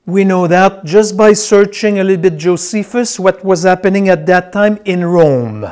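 A man's voice: high-pitched, moderate pace, darkish tone, clean tone. A man teaching a Bible class, who repeats key phrases and tells his students which words to circle as he reads.

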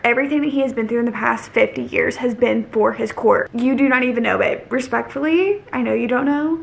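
A woman's voice: fairly high pitch, creaky. A woman vlogging a casual book reread, reading passages aloud and reacting to them in a chatty, gushing way full of "like". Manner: chatty and gushing, heavy use of "like".

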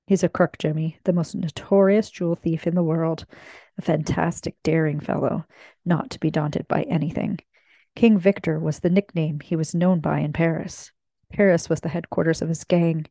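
A woman's voice: low voice, fairly even intonation, normal speed, creaky, mellow, dry recording. A woman reading as a wry, confident adventurer.

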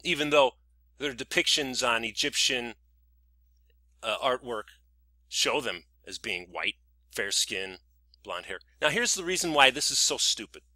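A man vents in a sarcastic, indignant monologue, piling up rhetorical questions. His voice is strikingly bright and cutting. The sound is dry and close, with no room around it. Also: mid-range voice, lively intonation, unhurried, long pauses, no echo. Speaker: vlogger. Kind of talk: scripted ranting monologue.

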